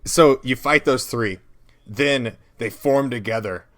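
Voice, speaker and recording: A man's voice: medium pitch, slow pace, fairly bright tone. A young man co-hosting a tabletop gaming podcast, describing ideas with vivid enthusiasm. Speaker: podcast co-host. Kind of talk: casual brainstorming chat.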